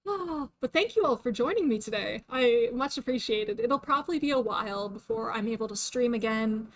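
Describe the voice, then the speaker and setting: A woman's voice: on the high side, animated, brisk, slight background noise. A young adult woman streaming casually, chatty with many fillers and frequent laughs, her voice starting to tire. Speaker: VTuber streamer. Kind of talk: casual livestream chat.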